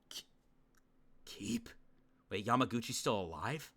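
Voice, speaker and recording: A young man streaming a game, reacting emotionally, shouting and swearing at the screen, with faint game music underneath. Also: a little high, a little fast. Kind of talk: emotional live gameplay reactions.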